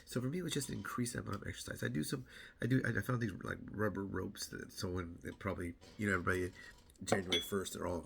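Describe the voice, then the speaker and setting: A man's voice: deep voice, fast, creaky, noisy background. A middle-aged man rambling casually to camera about his weight loss, repeating words and acting out what other people say.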